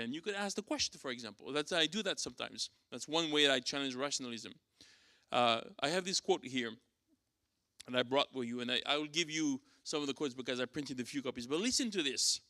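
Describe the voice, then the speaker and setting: French-accented man, church apologetics teacher, bright and forceful, dry close sound, lots of restarts. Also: mid-range voice, animated, brisk, dry recording. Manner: conversational teaching with fillers and restarts. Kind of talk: apologetics class lecture. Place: church classroom.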